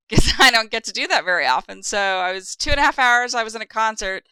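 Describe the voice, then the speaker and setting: Bright, crisp-voiced woman podcaster, tired. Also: fairly high pitch, lively intonation, dry recording, rough recording. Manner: chatty, rambling, quick to laugh. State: tired from a long drive. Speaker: podcast co-host. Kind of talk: casual chat.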